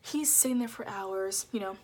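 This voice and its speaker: A woman's voice: mid-range voice, normal speed, a crowd in the background. A young woman giving a casual tarot reading to viewers, rambling and repeating herself, full of filler words. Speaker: tarot reader.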